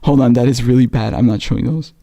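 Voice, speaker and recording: A man with a raspy voice hosting a live stream, talking casually and slangily with halting restarts as he reads out viewer messages. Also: mid-range voice, fairly even intonation, dark tone. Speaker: livestream host.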